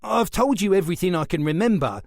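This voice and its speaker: A man's voice: fairly high pitch, big pitch swings, unhurried, no room sound, clean studio sound, pitched above the performer's own voice. A man voicing an anxious, indignant young man under police questioning, in a whiny, protesting voice. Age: young adult.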